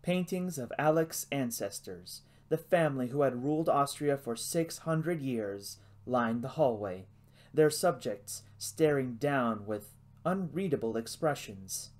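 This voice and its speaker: A man narrating a novel as an audiobook in a hushed, suspenseful reading. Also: medium pitch, expressive, unhurried.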